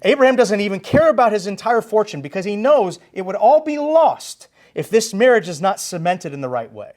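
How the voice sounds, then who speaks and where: A man preaching a sermon in a church, animated and emphatic, stressing his key phrases. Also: high-pitched, a little fast. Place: church sanctuary.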